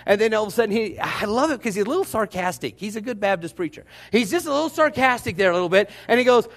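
A man preaching a Baptist sermon, telling the story in an animated, joking way. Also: very high-pitched, fairly quick, vocal fry. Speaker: Baptist pastor.

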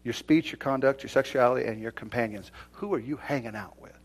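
A middle-aged pastor preaching a sermon in a conversational way, dropping to near whispers and rising to loud exclamations. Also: male voice, medium pitch, brisk.

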